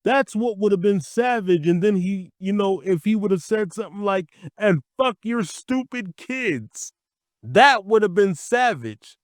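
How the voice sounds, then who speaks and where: A man's voice: high-pitched, lively intonation, moderate pace, few pauses, no echo, clean studio sound. A man ranting to camera as a wrestling commentator, blunt and exasperated, swearing freely. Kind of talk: profane rant to camera.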